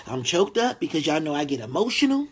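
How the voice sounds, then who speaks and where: A man talking to his fans in a casual, heartfelt vlog, animated, profane and emotional, drawing out his thanks slowly. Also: husky. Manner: drawls slow heartfelt thanks, then bursts high and loud. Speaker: vlogger addressing fans.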